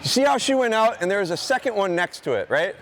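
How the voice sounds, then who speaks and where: A man's voice: high voice, sing-song, fast talker, heavy background noise. A man who trains gun dogs, talking students through a live demonstration in a school gym and breaking off for short commands to the dog. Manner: conversational, explaining while giving short dog commands.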